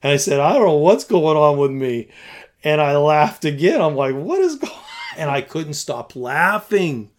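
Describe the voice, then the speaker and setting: Animated man telling a youth pastor story. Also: on the high side, moderate pace. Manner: animated, acts out his own past lines, moves from loud to hushed. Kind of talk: testimony storytelling in a conversation.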